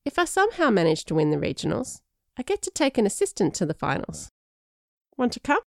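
A woman's voice: medium pitch, huge pitch swings, fairly quick, gravelly, no room sound, pitched above the performer's own voice. A woman voicing an earnest, science-keen teenage boy with dry humour. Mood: offhand.

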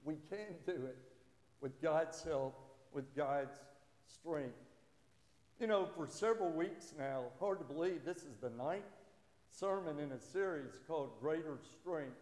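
A man's voice: on the high side, lively intonation, darkish tone. Man, pastor, chatty sermon, echoey room. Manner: conversational, halting restarts, acts out quoted voices. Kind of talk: sermon with jokes and stories. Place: church sanctuary. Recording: echoey church hall with long reverb.

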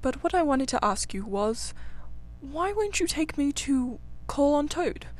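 A mild, candid little mole from a storybook, read by a woman. He speaks politely and cautiously in a soothing tone, his voice sitting a little high. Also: big pitch swings, measured pace.

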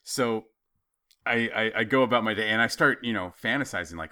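A man's voice: on the low side, fairly quick, sharp tone, clear, resonant tone, no echo, studio quality. A man in his thirties telling a story in casual chat, acting out the quoted lines with animation.

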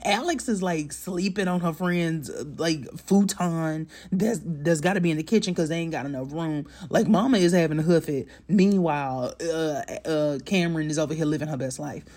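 With a slightly high, slightly mellow voice, this man reviews a movie in a relaxed, chatty recap. He laughs a lot, pokes fun at himself, and leans on slang.

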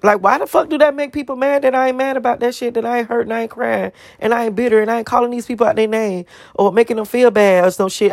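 A woman's voice: fairly high pitch, fast, vocal fry, few pauses, darkish tone, no echo, clean studio sound. A woman vlogger ranting to her viewers, emphatic and profane, firing off one rhetorical question after another. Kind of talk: ranting monologue to camera.

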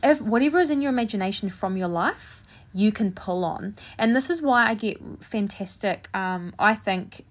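A woman who works as a psychic medium, chatting casually to her viewers and talking in a steady flow with hardly any pauses. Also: medium pitch. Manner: chatty, talks in a continuous flow without pauses.

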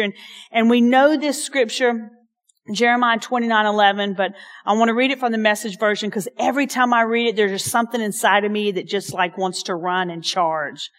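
A woman pastor, preaching a sermon, passionate and emphatic with soft asides. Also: fairly high pitch.

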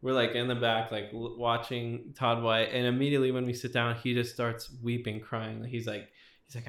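A young man shares his testimony as a podcast guest. His voice stays flat and even, with lots of "like" and "you know". The room around him rings with echo. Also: mid-range voice, normal speed. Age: 20s. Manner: rambling, heavy use of "like" and "you know". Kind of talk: testimony in casual chat. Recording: roomy echo.

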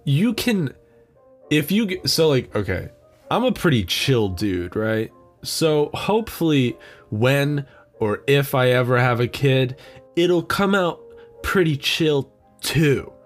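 A young man hosts a solo podcast in an unhurried drawl, wandering off on sarcastic, profane tangents. Faint music sits quietly under his voice. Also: mid-range voice, very animated. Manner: swears a lot, rambling and sarcastic. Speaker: podcast host. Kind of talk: solo comedic rant.

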